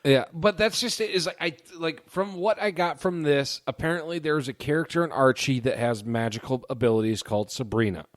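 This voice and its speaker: A man's voice: on the high side, brisk, hardly any pauses. A young man co-hosting a casual podcast, laid-back and hesitant, full of fillers. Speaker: podcast co-host. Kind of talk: casual chat.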